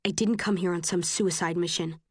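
A woman's voice: fairly low pitch, steady tone, fairly quick, breathy edge, no room sound, studio quality. A woman doing a stern young rebel fighter. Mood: firm.

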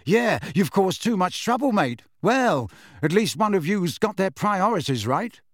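This is a cheeky teenage prankster from a storybook, voiced by a man reader. He talks in a breezy, mocking way, with a lively, bouncing pitch. The sound is dry and close. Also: unhurried, dry recording. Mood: teasing. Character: teasing teenage twin boy, cheeky prankster.

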